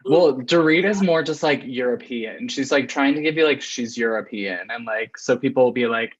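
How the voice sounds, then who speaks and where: A chatty, gossipy man talks as a podcast guest in a middle-pitched voice, laughing easily. His audio sounds muffled and dry, with no room around it. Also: moderate pace, breathy edge, no echo. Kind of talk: casual chat.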